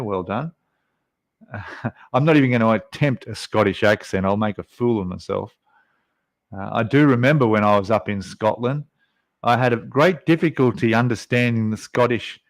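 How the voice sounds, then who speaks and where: With a lowish voice and a dry recording, an Australian man rambles and chats through his casual live stream. He reads viewer comments aloud, leaning heavily on fillers.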